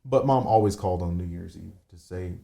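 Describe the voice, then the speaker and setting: Male guest, low mellow voice, halting heartfelt storytelling over a remote call. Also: gravelly. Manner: halting, with many fillers and restarts. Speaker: podcast guest. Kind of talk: emotional personal storytelling.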